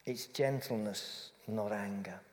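A man preaching a reflective, conversational sermon that softens to a gentle hush. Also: fairly low pitch, takes it slowly, big-room sound.

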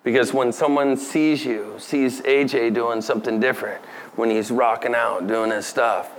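A man's voice: medium pitch, steady tone, moderate pace. A middle-aged man preaching a sermon, talking casually and asking the audience questions. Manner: conversational, asks the audience questions, laughs lightly. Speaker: pastor.

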